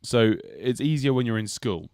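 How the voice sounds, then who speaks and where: A young man co-hosting a music podcast on a live stream, chatting casually with jokes and lively asides. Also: medium pitch, moderate pace, dry recording, clean studio sound. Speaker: podcast co-host.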